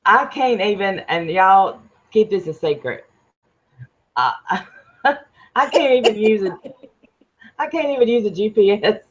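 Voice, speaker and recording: A woman with a country Southern US accent, co-hosting a casual chat and telling stories in a lively way. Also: mid-range voice, unhurried, long pauses. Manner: animated storytelling. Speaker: co-host. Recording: muffled lo-fi audio.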